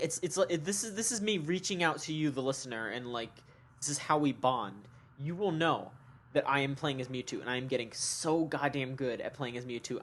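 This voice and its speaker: A man hosting a loose podcast conversation, getting hyped and joking as he talks. He repeats and restarts his sentences a lot. His pitch sits in a middle range, with a faint hiss behind him. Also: fairly bright tone. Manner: hyped, jokey, restarts often. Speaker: podcast host. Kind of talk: casual chat.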